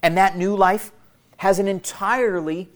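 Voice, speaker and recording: A man's voice: sits high, fairly even intonation, moderate pace. A man preaching a sermon to his church in an earnest, teaching manner, repeating key phrases for emphasis and speaking to listeners as family. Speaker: pastor.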